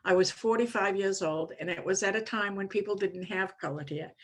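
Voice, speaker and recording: A woman's voice: mid-range voice, a little fast. A woman in her seventies from Maine telling her recovery story at a conference, rambling and self-mocking, with frequent "you know"s. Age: 70s. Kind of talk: personal recovery story talk.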